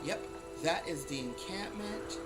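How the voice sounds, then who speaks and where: A man streaming a video game, giving chatty, excitable commentary full of jokes and gushing. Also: sits high, measured pace. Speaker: let's play streamer. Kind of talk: casual gameplay commentary. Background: game music.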